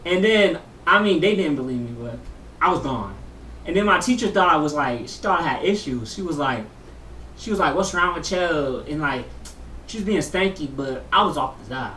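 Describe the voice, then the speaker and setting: A slangy vlogger tells a casual story with a bright, lively voice that rises and falls a lot. The delivery moves between low mumbles and loud, excited bursts. It sounds recorded from a bit off the mic in an echoey room. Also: normal speed, distant mic, slight background noise. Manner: slangy, keeps saying "bro".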